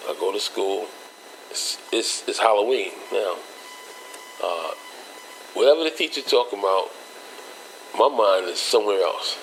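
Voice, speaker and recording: Low gravelly guy telling a story, street slang, bit of hiss in the back. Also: a little slow, long pauses, fairly bright tone, poor audio. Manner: street slang, acts out quoted voices with raised pitch. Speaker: interview guest telling a life story. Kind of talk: casual storytelling.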